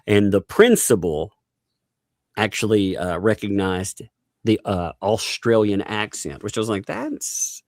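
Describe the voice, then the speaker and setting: A man's voice: on the low side, unhurried, a little mellow, dry recording, clean studio sound. A man hosting a casual livestream chat, rambling with restarts and frequent laughs. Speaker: host.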